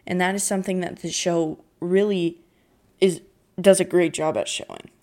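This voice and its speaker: A woman's voice: lowish voice, fairly even intonation, moderate pace, darkish tone. A woman talking casually about a cartoon she loves, heartfelt and openly emotional, filling her sentences with "like". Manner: heartfelt, emotional, lots of "like" fillers. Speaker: fan commentator. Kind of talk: casual fan commentary.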